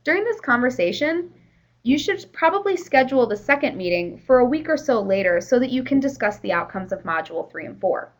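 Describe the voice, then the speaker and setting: A woman's voice: a little high, sing-song, a little fast, highs cut off. A woman presenting a workplace training session in a conversational, explanatory way, with the odd "you know".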